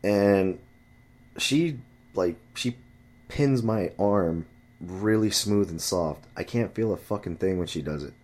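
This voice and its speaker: Slow and darkish in tone, a man delivers a casual, curse-filled rant about his friends and love life. He sounds exasperated, and his voice jumps high when he imitates chatty friends and women.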